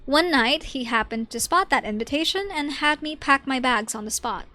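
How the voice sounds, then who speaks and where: A woman reading as a calm, level-headed game courier. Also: high voice, normal speed. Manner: calm, even line reading in her own voice. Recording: faint game music behind.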